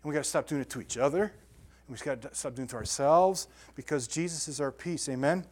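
A man's voice: fairly high pitch, quick pace. A man preaching to a congregation, talking casually with restarts and then reading scripture with rising emphasis. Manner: conversational, repeats words and restarts, builds to emphatic scripture reading. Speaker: pastor. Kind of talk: sermon.

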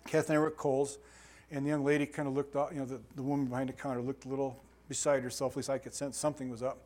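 A man's voice: medium pitch, little pitch movement, rapid-fire, darkish tone. A middle-aged man, a pastor, teaching a bible study in a conversational, joking way and asking his group questions. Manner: conversational, jokey, asks the audience questions.

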